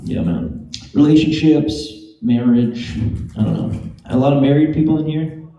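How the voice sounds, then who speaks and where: A man's voice: fairly high pitch, lively intonation, moderate pace, warm tone, lo-fi sound. A man doing a stand-up comedy set, loose and joking, working the crowd with laughing asides. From Greek heritage. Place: comedy club stage. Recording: echoey club with audience.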